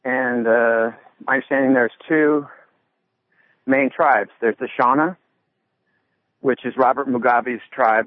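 A man's voice: medium pitch, steady tone, slow pace, pauses often, dry recording. A man calling in to a radio show while working out, a little out of breath. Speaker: radio caller. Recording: tinny phone line.

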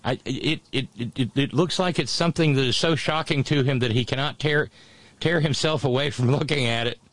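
A man hosting a show, giving mocking commentary on audio clips with sudden high exclamations. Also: brisk, a bit bright, dry recording. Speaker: show host. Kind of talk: sarcastic commentary over played audio.

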